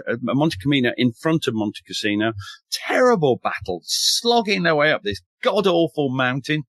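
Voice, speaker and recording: A man from the north of England, a military historian telling war stories as a podcast guest in a wry, animated way, swearing casually and restarting often. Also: medium pitch, dry recording. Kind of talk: enthusiastic podcast storytelling.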